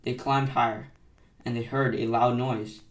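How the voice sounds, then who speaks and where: Man, bedtime story narrator, soft and gentle, echoey room, distant mic. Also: medium pitch, flat delivery, unhurried. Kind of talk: storybook read-aloud.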